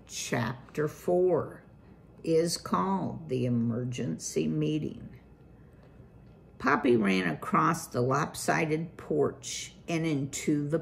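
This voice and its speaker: A woman reading a children's chapter book aloud, slowly and deliberately. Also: deep voice, creaky, a little hiss or hum. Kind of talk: read-aloud storytelling.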